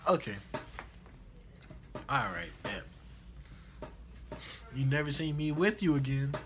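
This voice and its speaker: A young man vlogging, retelling a trip in slangy, animated casual storytelling. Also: fairly high pitch, slow pace, long pauses, noisy background.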